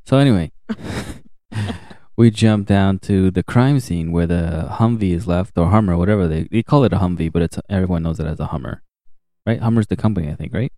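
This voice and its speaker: Young man, deep voice, warm dark tone, dry close sound, joking and crude, casual podcast recap. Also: moderate pace, no room sound. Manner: crude, joking, acts out characters' lines in mock voices. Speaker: podcast co-host recapping a TV show. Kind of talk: casual chat.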